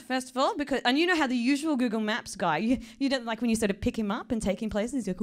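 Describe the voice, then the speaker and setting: A woman's voice: on the high side, fast, hardly any pauses. Self-mocking young woman doing stand-up. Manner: chatty and self-mocking, with stumbling restarts. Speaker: stand-up comedian. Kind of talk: live stand-up comedy. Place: live comedy venue with an audience.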